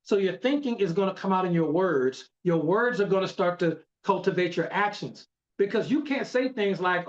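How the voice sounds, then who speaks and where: A man's voice: sits high, animated, brisk, hardly any pauses, muffled recording. A man leading a motivational team training over a video call, coaching in an emphatic, repetitive way. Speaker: network marketing team leader.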